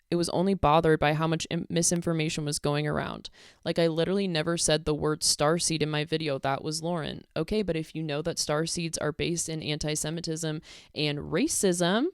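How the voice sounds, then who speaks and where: A young woman with a lowish, smooth, clear voice talks through an online argument. Her tone is exasperated and sarcastic. The recording is close and dry. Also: dry recording. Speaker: commentary creator. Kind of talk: casual commentary reading messages.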